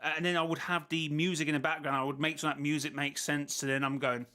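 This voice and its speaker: A man's voice: on the high side, flat delivery, fast, pushed and bright. A man hosting a casual reaction stream, rambling and second-guessing himself as he thinks aloud. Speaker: host reacting to a video.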